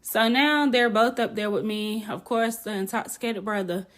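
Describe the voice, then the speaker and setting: A woman hosting a casual podcast, telling a story in an animated, blunt way, laughing often and swearing casually. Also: medium pitch, moderate pace. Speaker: podcast host.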